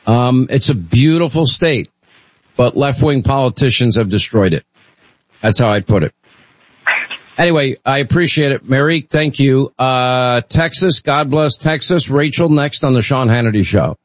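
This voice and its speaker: A man's voice: medium pitch, moderate pace, slight background noise, low-quality recording. A man hosting a talk radio call-in show, blunt and opinionated, bantering with callers.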